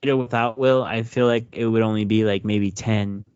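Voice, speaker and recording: A young man co-hosting a casual podcast, laid-back and halting, often stopping to search for words. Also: on the low side, steady tone, a little mellow, smooth, no echo. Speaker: podcast co-host. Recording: dry, slightly dull lo-fi audio.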